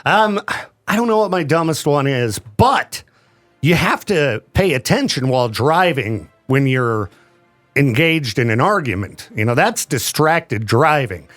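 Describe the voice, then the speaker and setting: A man's voice: medium pitch, lively intonation, measured pace, fairly bright tone, faint music behind. A man co-hosting a radio show, chatting about odd news items and laughing a lot. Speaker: radio co-host. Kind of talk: joking radio banter. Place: radio studio.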